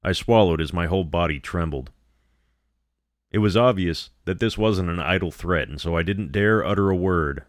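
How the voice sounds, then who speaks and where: A man with a very low voice tells a scripted horror story in a steady, measured way. The sound is dry and close, with no echo.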